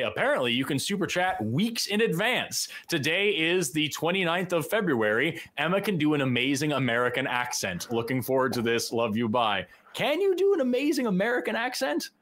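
A man's voice: medium pitch, sharp tone. Chatty male co-host of a call-in show. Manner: loose and chatty, quick laughs and self-mocking asides. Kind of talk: casual call-in show talk.

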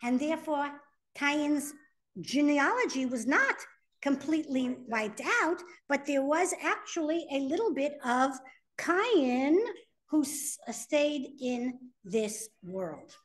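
A woman's voice: sits high, slow. A woman teaching a class, reading sources aloud and translating them as she explains. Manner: animated, reads Hebrew text then translates. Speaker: Torah teacher. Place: classroom with students.

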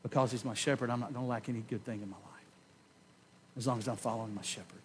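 A man preaching a sermon in a church, giving an impassioned personal testimony that swings from loud emphasis to hushed tones and slows on key words. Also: mid-range voice, steady tone, a little hiss or hum. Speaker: pastor. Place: church sanctuary.

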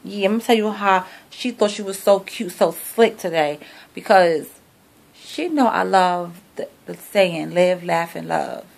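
A woman's voice: fairly low pitch, measured pace, creaky. A middle-aged woman chatting sassily to camera about her shopping haul, recorded on a phone at home. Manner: chatty, sassy, talks to viewers like friends. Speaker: vlogger showing a shopping haul. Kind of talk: casual chat to camera.

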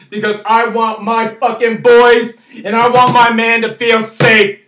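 A man delivering an impassioned, pleading rant with a lot of swearing, often shouting. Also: extremely high pitch, level tone, a little slow. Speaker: vlogger. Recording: echoey room, far from the mic.

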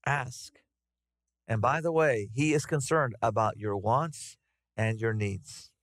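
A middle-aged man preaching a conversational, animated sermon to his congregation. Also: medium pitch, slow, no room sound, clean studio sound. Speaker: pastor. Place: church sanctuary.

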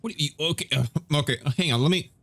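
A man's voice: a little high, racing, gravelly, a bit bright. A man giving casual let's-play commentary with goofy jokes and stammering asides. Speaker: gaming streamer.

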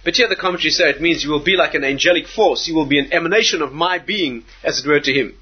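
Husky man giving a Torah lecture. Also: fairly high pitch, quick pace, lo-fi sound. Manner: animated, repeats phrases, asks rhetorical questions. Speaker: rabbi lecturer.

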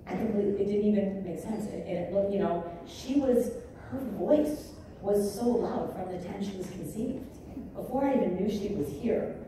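A woman's voice: medium pitch, normal speed, mellow, a little hiss or hum. A middle-aged woman giving a candid keynote speech to a live audience, telling a personal story and acting out her own past words. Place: large indoor conference hall. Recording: echoey hall recording from far off.

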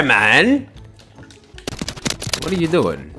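Excitable, foul-mouthed young gamer man. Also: mid-range voice, moderate pace, soft background music. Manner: excitable, swearing trash talk. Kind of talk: live gameplay commentary.

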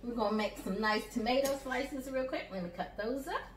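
A woman with a Southern US accent talks her viewers through a recipe, chatty and encouraging, with a slightly high voice. She sounds a little distant from the camera in a roomy, echoing home kitchen. Dishes and pans clink faintly behind her. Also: brisk, slight background noise. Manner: chatty and encouraging, says y'all and honey. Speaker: home chef. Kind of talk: cooking demonstration.

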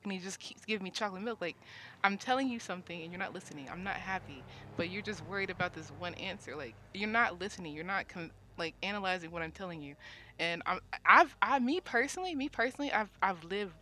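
Rambling, bright-voiced young woman. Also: medium pitch, a little fast, slight background noise. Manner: rambling, many fillers, repeats herself when upset; swears freely. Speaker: cast member sharing her side. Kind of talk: emotional casual storytelling.

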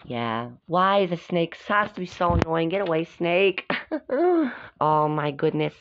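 Against a noisy background, a woman with a low-pitched voice reads a storybook at normal speed, casually stopping to chat about the pictures. The recording is dull, dry and lo-fi.

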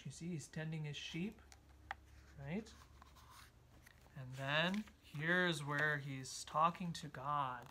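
A woman in her thirties leading a home Sunday school lesson for children, speaking gently and encouragingly and reading a storybook aloud. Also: deep voice, slight background noise. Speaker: Sunday school teacher, parent. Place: family home.

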